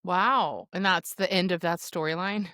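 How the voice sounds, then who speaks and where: Woman chiming in with quick reactions. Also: fairly low pitch, bright, forceful tone, no echo, studio quality. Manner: quick, questioning reactions and asides. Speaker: podcast co-host. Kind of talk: casual chat.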